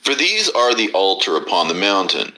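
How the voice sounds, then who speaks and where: A man reading an old scripture text aloud in a steady, measured recital. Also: low voice, poor audio. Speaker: reader.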